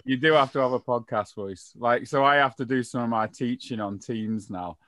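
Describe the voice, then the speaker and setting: Relaxed man hosting a podcast. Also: medium pitch, moderate pace, no echo. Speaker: podcast host. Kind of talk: casual chat.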